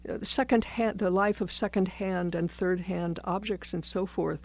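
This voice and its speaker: A woman's voice: on the low side, steady tone, moderate pace, gravelly, darkish tone. A woman philosophy professor, a guest on a radio talk show, explaining ideas in a reflective, wry, digressive way. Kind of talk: thoughtful conversational explanation.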